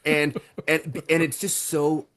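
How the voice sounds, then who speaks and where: A man co-hosting a horror movie podcast, talking casually and excitedly with frequent fillers and restarts. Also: fairly high pitch, slow. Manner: enthusiastic, many fillers and restarts. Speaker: podcast co-host. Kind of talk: casual movie review chat.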